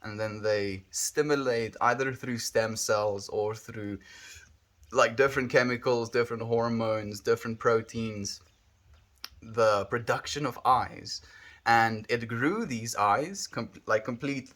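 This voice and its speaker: A South African man chats on his livestream in a mid-range voice, wandering from thought to thought. He muses aloud and fills pauses with little hums. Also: medium pitch, fairly even intonation, a bit bright. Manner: musing, rambling, thinking aloud with hums. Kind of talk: casual livestream chat.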